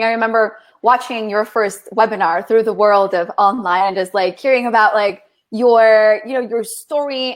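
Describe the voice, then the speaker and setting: Female host, slightly high voice, encouraging, casual interview. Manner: encouraging, greets live viewers.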